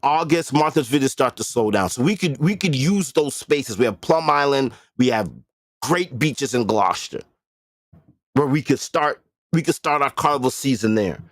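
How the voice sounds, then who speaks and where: A man's voice: medium pitch, animated, normal speed, dry recording, studio quality. A man hosting a livestream, talking casually and bluntly with profanity and emphatic repetition. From Boston area. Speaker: livestream host.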